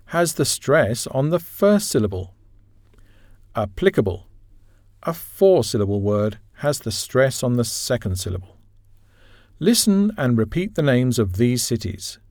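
A man's voice: mid-range voice, a little mellow, no room sound, studio quality. A man narrating a scripted pronunciation lesson, enunciating each word carefully. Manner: slow, carefully enunciated dictation. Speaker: course audio narrator.

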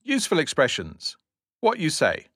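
A man narrating a scripted language lesson in a clear, announcing manner. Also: on the high side, huge pitch swings, normal speed, a bit bright, dry recording, clean studio sound, faint music behind.

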